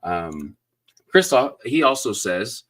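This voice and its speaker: A man's voice: fairly low pitch, very animated, slow. A man hosting a live book interview, effusive and enthusiastic, thanking viewers between questions. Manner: enthusiastic, effusive, many fillers and shout-outs. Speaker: booktube interview host. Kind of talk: live-stream interview chat.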